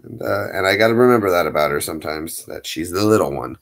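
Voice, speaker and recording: A man hosting a casual live stream, chatting playfully with his viewers in an animated way. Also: sits low, fast talker.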